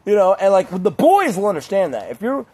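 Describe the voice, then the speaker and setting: A young man talking casually to camera in a crude, rambling way, laughing often and mimicking others in high voices. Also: huge pitch swings, a little fast, darkish tone, a little hiss or hum. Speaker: vlogger.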